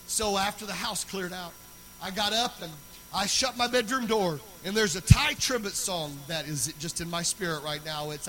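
A man with a high, bright voice preaches a sermon. He tells a personal story in a loose, talky way, then swells into loud, rhythmic, chanting preaching. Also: normal speed, low-quality recording. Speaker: pastor.

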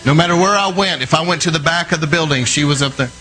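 A man's voice: fairly high pitch, fast talker, pushed and bright, rough recording. A man preaching a sermon in a conversational, storytelling way, often checking in with his listeners, earnest and emphatic.

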